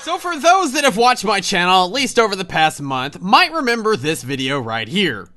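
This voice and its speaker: A man's voice: sits high, sing-song, normal speed, bright, forceful tone, soft background music. A young man hosting a gaming channel, chatting playfully through gameplay commentary and laughing often.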